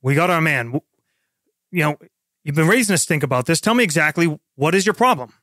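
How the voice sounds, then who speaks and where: A gruff, bossy police lieutenant, as a man puts him on for a tabletop radio-style scene. He scolds bluntly and impatiently, in a slightly higher voice. The sound is dry and close. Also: lively intonation, fairly quick, a bit bright, dry recording. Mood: pressuring.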